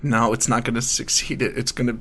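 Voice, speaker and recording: A man with a bright, forceful voice hosts a loose, casual show. He is playful and laughs often. His pitch sits in the middle. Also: flat delivery, a little fast. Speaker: host. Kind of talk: casual chat.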